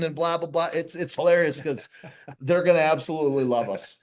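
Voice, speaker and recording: Chatty male podcast host. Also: a little high. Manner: chatty, quick laughs, repeats words. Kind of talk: casual interview chat.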